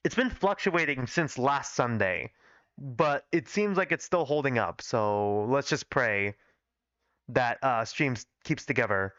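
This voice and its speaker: A man's voice: medium pitch, expressive, measured pace, a bit bright, no room sound, lo-fi sound. A young man casually reading his old fanfiction on a livestream, rambling and critiquing his own writing. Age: young adult. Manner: self-critical, rambling with fillers.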